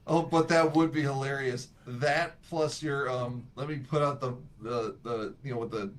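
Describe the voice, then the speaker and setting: A man's voice: mid-range voice, steady tone, normal speed. A man co-hosting a live show, chatting in a laid-back, joking way. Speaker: podcast co-host. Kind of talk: casual chat.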